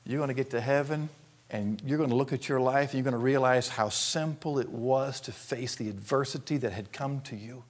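An older man from Arkansas preaching a sermon, telling folksy stories and acting out the scenes with animated delivery. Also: medium pitch, a little fast. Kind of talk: sermon storytelling.

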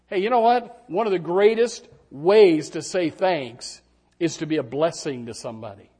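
Male preacher, high-pitched, animated conversational sermon style with frequent restarts. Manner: animated, pitch rising and falling with emphasis.

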